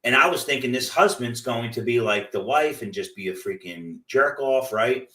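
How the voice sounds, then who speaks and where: A man hosting a real estate investing show, giving a loose, animated motivational talk full of stories and "like". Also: medium pitch, normal speed. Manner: loose, animated storytelling with frequent "like". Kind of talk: casual motivational talk with anecdotes. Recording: echoey room, distant from the mic.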